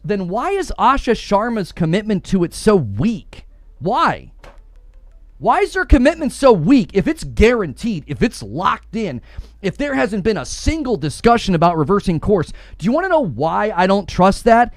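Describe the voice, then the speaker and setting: A man's voice: high-pitched, very animated, moderate pace, dry recording, faint music behind. A man hosting a gaming commentary show, ranting in a heated, indignant and sarcastic way.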